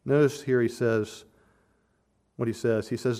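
A man's voice: medium pitch, steady tone, a little slow, long pauses, warm tone. A man preaching an expository sermon, earnest and emphatic, often restarting and repeating words as he builds to a point. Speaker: pastor.

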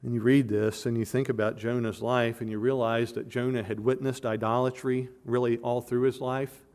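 A man's voice: medium pitch, flat delivery, normal speed, darkish tone. A man preaching an expository sermon, earnest and emphatic, often restarting and repeating words as he builds to a point. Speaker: pastor.

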